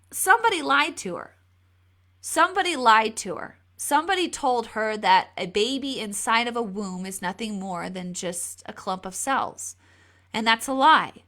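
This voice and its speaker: Bright, emphatic woman commentator. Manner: emphatic, repeats words and restarts often. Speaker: political commentary host. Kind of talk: live video commentary. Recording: re-downloaded lower-quality video.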